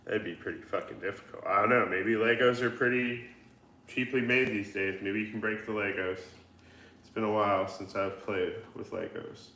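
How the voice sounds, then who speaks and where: A man's voice: fairly low pitch, steady tone, moderate pace, sharp tone. A man hosting a livestream, chatting casually and reading viewer comments in a laid-back, joking and profane way. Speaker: livestream host. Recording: echoey room.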